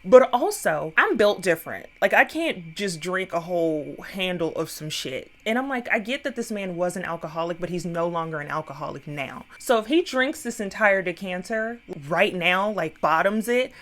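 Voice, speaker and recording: A young woman casually recapping a horror film, profane and animated, acting out quotes and dropping into sudden whispers. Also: lowish voice, normal speed, few pauses.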